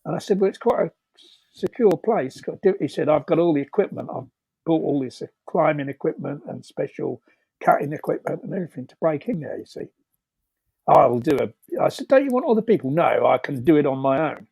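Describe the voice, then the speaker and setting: A man's voice: a little high, expressive, fairly quick, creaky, darkish tone, husky, dry recording. A man telling rambling anecdotes over a video call, laughing often, with many fillers and restarts. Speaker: storyteller guest.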